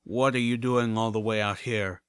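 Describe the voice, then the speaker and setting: Guarded flying robot, measured and mechanical, dry read, by a man. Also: on the low side, fairly even intonation, a bit bright, clear, resonant tone, dry recording, natural voice. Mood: cagey. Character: secretive robot messenger, cagey and guarded.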